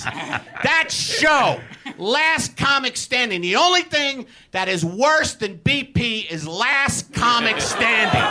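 A man rants loudly on a live comedy stage, swearing and mocking himself. His voice sits very high and sharply bright, and he drags his words out slowly. A theatre audience laughs faintly behind him. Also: lively intonation, some chatter behind, slight background noise. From Brooklyn, New York. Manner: loud, profane, self-mocking ranting, often shouting. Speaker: guest comedian. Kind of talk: live comedy podcast rant.

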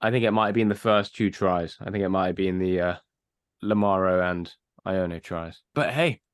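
A man co-hosting a casual sports podcast, blunt and quick to swear as he rants. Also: sits low. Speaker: podcast co-host.

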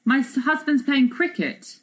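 A woman's voice: high voice, lively intonation, measured pace. A woman co-hosting a podcast, a mother chatting casually in a teasing, wry way. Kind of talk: casual chat.

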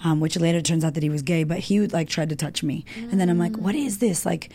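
Middle-aged woman guest, low-pitched gravelly voice, candid and swearing, emotional storytelling. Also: fairly even intonation, fast talker. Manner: frank and emotional, swears freely.

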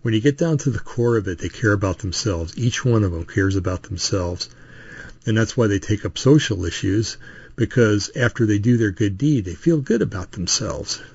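A man's voice: on the low side, lively intonation, moderate pace, creaky, a little mellow, husky, no room sound. A man hosting a show, talking in a casual, opinionated, rambling monologue with frequent asides and restarts. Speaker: podcast host. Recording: dull, dry lo-fi recording.

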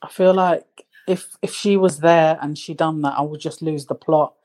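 A young woman from East London with a London accent, a comedian guest chatting casually on a podcast and telling stories with animated delivery. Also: deep voice, moderate pace. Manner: chatty, animated storytelling with laughs.

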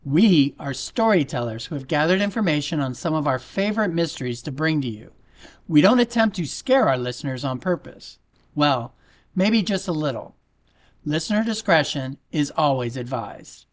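A man's voice: fairly high pitch, lively intonation, moderate pace. A man hosting a podcast about mysteries, telling stories and cracking corny jokes in a casual way. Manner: jokey, puts on a fake accent at the start. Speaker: podcast host.

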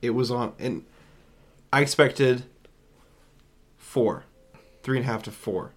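A man's voice: mid-range voice, slow pace. A young man co-hosting a podcast, chatting casually about a movie with short, agreeable, enthusiastic replies. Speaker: podcast co-host. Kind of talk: casual movie review chat.

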